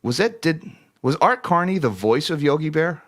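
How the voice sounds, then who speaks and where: A man's voice: on the high side, big pitch swings, moderate pace, a bit bright. A man hosting a finance livestream, chatting casually, joking and laughing often as he thanks viewers by name and reads market numbers.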